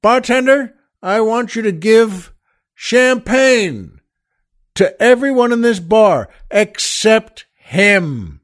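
A man voicing a loud, hot-tempered bar bully who shouts his orders in a raised voice while telling a joke. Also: big pitch swings, extremely slow, full character voice. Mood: boastful shouting. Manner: shouting, raised higher pitch.

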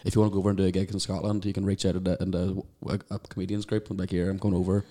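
A man's voice: deep voice, level tone, rapid-fire, dark tone. A man telling crude comic stories as a podcast guest, swearing and laughing as he talks. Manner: swearing, laughing through his own stories. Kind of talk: crude comedic storytelling.

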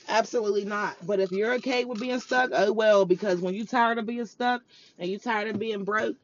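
A woman delivering a profane, emphatic rant in a vlog monologue, scolding and repeating herself. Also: medium pitch. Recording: dull lo-fi recording.

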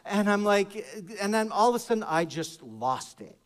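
A man preaching with a high, bright-pitched voice that climbs into shouted praise, then drops into soft, confiding storytelling. He breaks into joking asides along the way, in sermon style. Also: big pitch swings, normal speed, smooth. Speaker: pastor.

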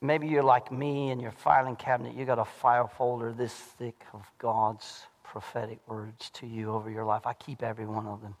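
A pastor preaching a sermon in a church, animated and swinging between shouting and hushed lows. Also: male voice, moderate pace, few pauses. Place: church sanctuary. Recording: long hall reverb.

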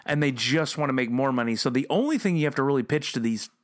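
A man guesting on a casual movie podcast, making quick jokes and riffing on ideas. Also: mid-range voice, expressive. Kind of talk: casual chat about movies.

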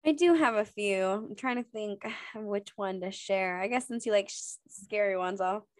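A woman's voice: mid-range voice, moderate pace, no room sound. A young adult woman telling a story casually over a video call, with lots of fillers and sudden rises at the tense moments. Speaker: guest storyteller.

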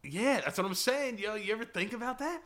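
Guy in his 30s, crude rambling podcast jokes, sharp tense voice. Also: high-pitched, animated, fairly quick. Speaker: podcast co-host. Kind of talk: crude casual comedy banter.

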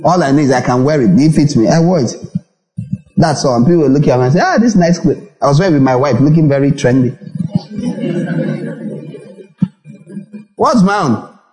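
A man's voice: mid-range voice, moderate pace, long pauses, soft background music. A Nigerian man preaching a sermon as pastor, repeating phrases and acting out little dialogues. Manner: animated preaching with repetition and acted-out dialogues. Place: church hall. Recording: echoey reverberant church hall.

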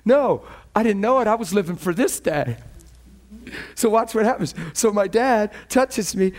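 A pastor with a high-pitched voice and a measured pace shares a personal story in his sermon. He's animated, laughs a lot, and voices the people he quotes.

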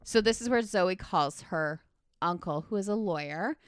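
A woman's voice: fairly low pitch, moderate pace, smooth, no room sound, studio quality. A woman recapping a movie in casual chat, rambling and full of filler words.

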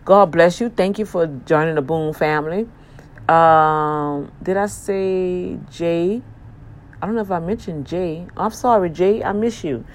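A woman hosting her own internet radio show, talking loosely and warmly to her listeners. Her voice sits low and full. She piles on gospel-flavored exclamations and heartfelt thanks. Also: measured pace, a little hiss or hum. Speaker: online radio show host. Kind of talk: casual talk with listener shout-outs.

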